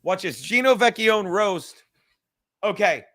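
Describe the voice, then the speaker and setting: High-pitched and animated, with a fairly bright tone, a male podcast host launches into an angry, rambling rant. The swearing is constant, and he keeps starting his sentences over at a rapid clip.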